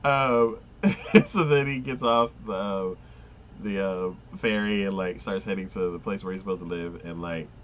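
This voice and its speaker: A man's voice: low-pitched, steady tone, normal speed, a bit bright, a little hiss or hum. A man casually recapping an anime episode, rambling with many fillers, often laughing and acting out lines. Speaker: anime podcast host.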